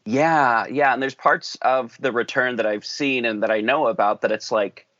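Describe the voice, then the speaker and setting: A man's voice: mid-range voice, normal speed, a bit bright, no echo. A man hosting a podcast in casual chat, thinking aloud in long rambling runs. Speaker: podcast host. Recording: dull lo-fi dry sound.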